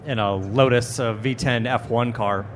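A man's voice: medium pitch, steady tone, normal speed, a little hiss or hum. A man hosting a car podcast live from a trade show booth, chatting casually about driving on a track. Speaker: podcast host. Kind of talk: casual chat.

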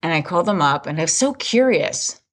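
A podcast guest in her fifties tells her story in a candid, easygoing way, laughing a lot and acting out what people said. Her low voice is expressive and a little fast. The recording quality is low.

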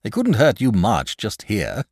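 A man's voice: fairly low pitch, huge pitch swings, unhurried, darkish tone, husky, dry recording, clean studio sound, pitched above the performer's own voice, exaggerated voice. A man voicing a frank, pleasant knight who talks patiently and persuasively, in a storybook reading.

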